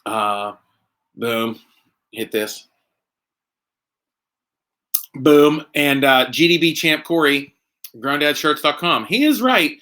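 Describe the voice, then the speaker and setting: A man's voice: on the high side, lively intonation, slow pace, long pauses, bright, forceful tone. A man hosting a casual live stream from home, tipsy from drinking, rambling and joking with lots of fillers. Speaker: host.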